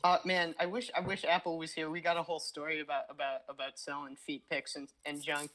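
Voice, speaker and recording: A woman's voice: low voice, flat delivery, brisk, fairly bright tone. A woman co-hosting a podcast, talking bluntly and swearing in casual chat. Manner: blunt, profane, laughing asides. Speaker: podcast co-host.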